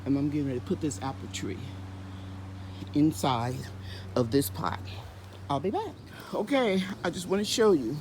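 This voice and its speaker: A woman's voice: sits low, animated, moderate pace, pauses often, darkish tone, slight background noise, rough recording. A woman hosting a gardening vlog outdoors in her home garden, chatting and explaining each step as she works. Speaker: gardening channel host. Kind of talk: casual vlog narration.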